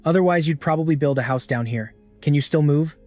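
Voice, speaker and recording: A man's voice: fairly high pitch, fairly quick, a little mellow, faint music behind, natural voice. A man voicing a blunt, teasing young general.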